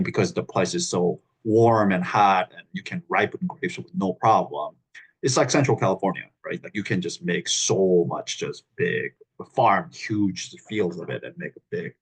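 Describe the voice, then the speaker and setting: A man's voice: low-pitched, husky, rough recording. A man hosting a wine club tasting on a video call, talking casually with many fillers and restarts.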